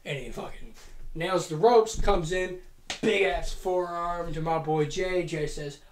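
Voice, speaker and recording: A woman's voice: fairly low pitch, unhurried, darkish tone, slight background noise. A woman telling a playful, profane story in a casual monologue as a podcast host. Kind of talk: casual fantasy-booking monologue. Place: home room. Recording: echoey home room.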